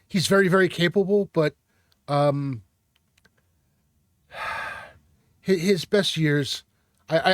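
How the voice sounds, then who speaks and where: A man voicing a blunt, impatient young female squire who talks quickly and sounds exasperated. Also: fairly high pitch, a bit bright, no echo, clean studio sound.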